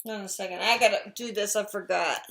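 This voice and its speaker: A woman's voice: medium pitch, fairly even intonation, fast talker, gravelly, a bit bright, a little hiss or hum. A woman teaching an online singing lesson, coaching and singing short lines to show how. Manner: demonstrates lines by singing them. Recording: echoey room over a video call.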